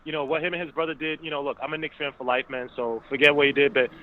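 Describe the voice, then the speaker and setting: Fast-talking male caller on a phone line. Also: on the high side, fairly even intonation. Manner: rapid, stumbling restarts, emphatic. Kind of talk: phone-in sports talk.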